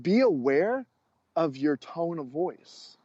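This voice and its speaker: A man speaking as a guest coach educator on a podcast, telling stories in an earnest, expressive way. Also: a little high, slow, no room sound. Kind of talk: storytelling interview talk. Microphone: podcast microphone. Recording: dull lo-fi sound.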